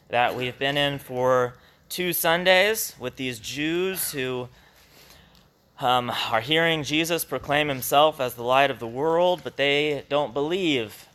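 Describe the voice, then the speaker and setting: A man's voice: on the high side, bright, forceful tone. A man teaching from the Bible to his congregation in a conversational way, with restarts and small chuckles. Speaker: pastor.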